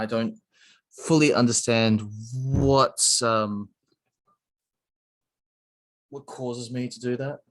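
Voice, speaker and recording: A young man hosting a casual solo chat while building, rambling and self-mocking with a sore throat. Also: on the low side. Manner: rambling, self-mocking, many fillers and restarts. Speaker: channel host.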